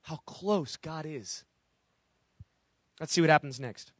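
A man's voice: a little high, slow, dry recording, clean studio sound. A man preaching a sermon, earnest and emphatic, with repeated phrases and direct questions to the congregation. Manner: asks the audience questions directly. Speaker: pastor.

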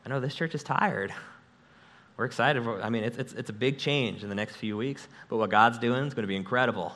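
A man of middle pitch preaching to his church, energetic and conversational. He jokes with the congregation and thanks his volunteers as he moves through the sermon. His voice comes through a stage microphone in a church sanctuary. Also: fairly quick. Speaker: pastor.

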